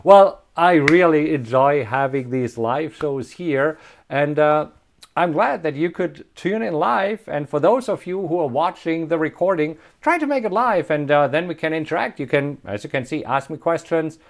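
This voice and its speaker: A man's voice: fairly high pitch, expressive, moderate pace. A man with a German accent hosting a live stream, reading viewer comments in an upbeat, chatty way with frequent chuckles. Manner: upbeat, chuckles often, many filler uhs. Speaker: host.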